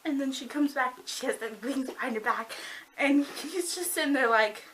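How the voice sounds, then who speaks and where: A young woman giving a casual, giggly book review, talking excitedly with lots of "like". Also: on the high side, slight background noise. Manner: bubbly, giggly, fast, lots of "like".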